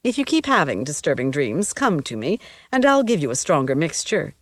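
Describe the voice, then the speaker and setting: A woman voicing a falsely caring female mentor who speaks in a measured, soothing way in an audiobook. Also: low voice, big pitch swings, no echo, clean studio sound.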